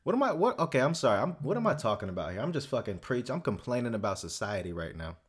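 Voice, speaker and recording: A man's voice: medium pitch, sing-song, fast talker, slightly rough. A young man hosting a solo podcast, ranting casually in a profane, swaggering, rambling way. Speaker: podcast host.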